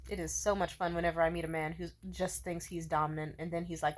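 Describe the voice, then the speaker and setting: A woman's voice: low voice, flat delivery, brisk. A young woman in a casual, profane monologue, candid and laughing often, acting out quoted lines. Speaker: vlogger.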